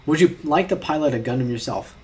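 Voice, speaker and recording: A man's voice: medium pitch, quick pace, a little mellow, a little hiss or hum. A young man chatting casually while taking online quizzes, reading questions aloud and rambling in mock-outraged asides, sometimes muttering.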